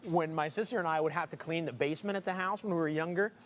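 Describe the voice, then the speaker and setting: Talking at a quick pace in a fairly high voice, this middle-aged man co-hosts a live stream from a showroom with staff busy nearby. He trades casual banter, telling jokey stories and laughing often.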